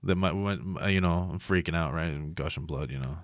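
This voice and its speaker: Brief: podcast host, man with a very deep voice, dry close sound, rambling and profane. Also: brisk, dry recording. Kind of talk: casual chat.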